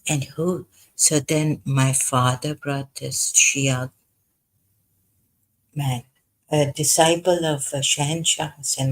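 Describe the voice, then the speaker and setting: Halting, husky-voiced speaker. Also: medium pitch, poor audio. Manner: halting, hesitant, many pauses and false starts. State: frightened, unsettled. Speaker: vlogger. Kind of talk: personal confessional monologue.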